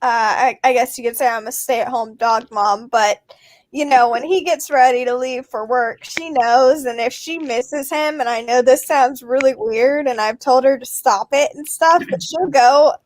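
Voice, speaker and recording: Female host, high-pitched, chatty and easygoing in conversation. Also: moderate pace, slight background noise. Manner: chatty, laughs easily. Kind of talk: casual chat.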